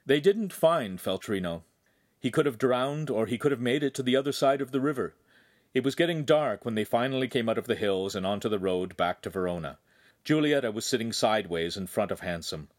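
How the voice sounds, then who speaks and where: A man reads a novel aloud as narrator. His delivery is steady and even, at a middling pitch. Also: brisk. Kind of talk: audiobook narration.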